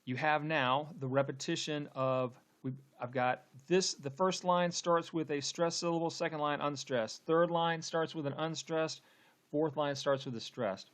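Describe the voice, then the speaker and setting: A man's voice: a little high, fairly even intonation, measured pace, a bit bright. Male teacher, casual poetry lecture, chatty with lots of "okay" and "um". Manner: conversational, frequent "okay" and fillers.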